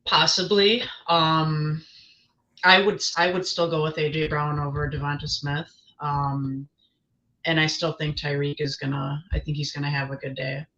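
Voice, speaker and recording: A woman's voice: deep voice, flat delivery, normal speed, a bit bright, lo-fi sound. A woman guest giving her picks in casual chat, hesitant, with many ums and restarts. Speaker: guest analyst.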